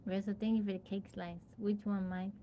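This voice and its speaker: A woman with a twang chats on her live stream in a middle-pitched voice, playful and quick to laugh. She keeps sounding out one tricky word, syllable by syllable. A faint hum sits behind her voice. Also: flat delivery, mellow. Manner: playful, laughs often, thanks viewers by name; sounds out a hard word again and again. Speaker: livestreamer. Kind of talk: casual live-stream chat.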